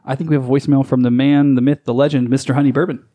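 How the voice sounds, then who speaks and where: A man's voice: mid-range voice, level tone, racing, dark tone, dry recording. A man co-hosting a podcast in loose, joking banter with plenty of swearing. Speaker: podcast co-host.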